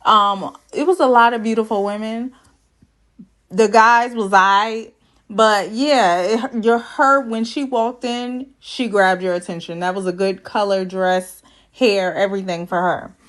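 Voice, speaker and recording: A woman hosts a casual reality TV recap in a steady, fairly bright mid-range voice, speaking a little slowly. She's sassy and chatty, laughs at her own jokes, and imitates cast members in put-on voices.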